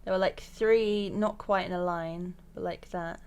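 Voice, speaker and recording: A woman's voice: on the low side, fairly even intonation, unhurried, darkish tone, clear, resonant tone. Chatty woman doing gameplay commentary. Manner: chatty and rambling, thinking aloud. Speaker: let's play gamer. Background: game music and horse hooves.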